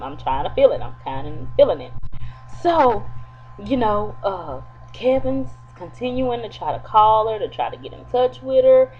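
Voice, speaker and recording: A woman's voice: medium pitch, husky. A woman in a casual, chatty soap opera episode recap, talking straight to her viewers. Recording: dull lo-fi with faint hum.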